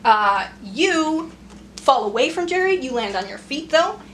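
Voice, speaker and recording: Lady game master narrating quick, high voice, bit of faint noise. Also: very animated. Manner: quick descriptive narration with fillers.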